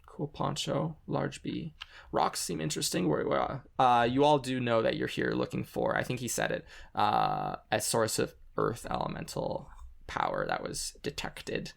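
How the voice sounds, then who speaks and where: A man narrating as game master of a tabletop game, halting often with ums and likes. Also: mid-range voice, very animated, vocal fry.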